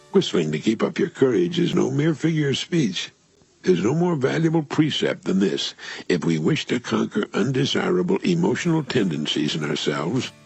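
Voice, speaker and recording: Older male motivational speaker, low husky gravelly voice, earnest radio talk, lively inflection. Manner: measured, earnest, stresses key words. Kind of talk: scripted inspirational radio talk.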